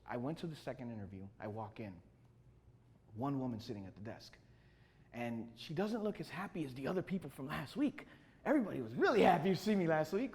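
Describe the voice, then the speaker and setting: A man's voice: on the high side, big-room sound. A man from Chicago with a Chicago accent, telling a personal story on stage and acting out the voices of the people in it. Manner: animated storyteller acting out dialogue, frequent "you know". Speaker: speaker telling his life story.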